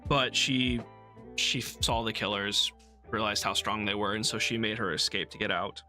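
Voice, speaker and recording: A man's voice: on the low side, steady tone, moderate pace, sharp tone, soft background music. A man hosting a casual book club livestream, recapping chapters in a chatty, amused way with frequent ums and restarts.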